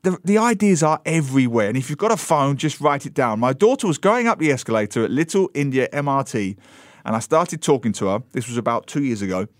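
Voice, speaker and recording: A middle-aged man, a book author as the radio interview guest, telling an animated story and slipping into voices for quoted people. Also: medium pitch, quick pace, no room sound, clean studio sound. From Britain.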